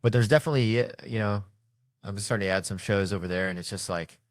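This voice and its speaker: An American man, a comedian guest, telling stories in a casual, rambling, self-mocking way with quick asides. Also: on the low side, no echo, studio quality. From United States. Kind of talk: casual storytelling chat.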